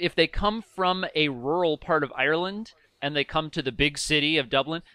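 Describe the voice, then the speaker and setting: A man's voice: fairly high pitch, bright, forceful tone, no room sound. A man from the American Midwest who lives abroad, co-hosting a casual podcast chat and slipping into quoted voices. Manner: chatty, mimics people in quoted voices. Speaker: podcast co-host living in Ireland.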